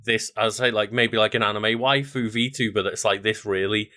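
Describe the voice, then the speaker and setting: A man co-hosting a podcast, talking in a relaxed, rambling way with many fillers. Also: on the low side, normal speed. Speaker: podcast co-host. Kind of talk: casual chat.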